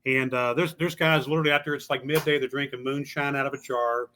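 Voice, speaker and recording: A man who lives in Louisville tells stories as a podcast guest, casual and folksy with a drawl, acting out the voices of people he met. His voice is medium-pitched, fairly even, fast, bright, and forceful, with slight background noise.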